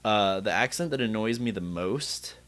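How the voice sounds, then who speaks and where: A man hosting a laid-back conversation in a somewhat low voice. He rambles, restarting sentences as he works out his thoughts. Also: expressive, moderate pace, fairly bright tone. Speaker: podcast host. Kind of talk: casual chat.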